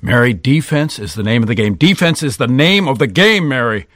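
A man's voice: mid-range voice, animated, brisk, fairly bright tone, no room sound, studio quality, pitched below the performer's own voice, close to an everyday voice. A man voicing a football-loving father who sounds earnest and a little lecturing. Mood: eager.

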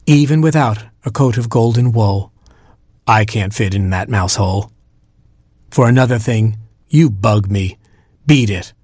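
A vain female sheep film star with a snippy, haughty drawl, put on by a male storyteller. She stretches her words out slowly and dismissively. The recording is dry and close, with no room sound. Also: on the low side, a little mellow, slightly rough, no echo. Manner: haughty, dismissive, drawn-out delivery.

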